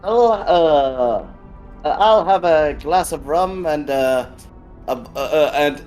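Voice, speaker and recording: Man as a tiny flustered adventurer, stammering, voice sits high. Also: animated, takes it slowly, a little mellow, faint music behind. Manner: stammering, many fillers.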